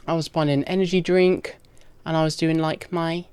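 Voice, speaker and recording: A woman's voice: sits low, steady tone, moderate pace, a little mellow, clear, resonant tone, no echo. A young trans woman speaking frankly in a direct-to-camera video diary, with plenty of casual fillers. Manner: candid, frank, frequent fillers. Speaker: video diarist.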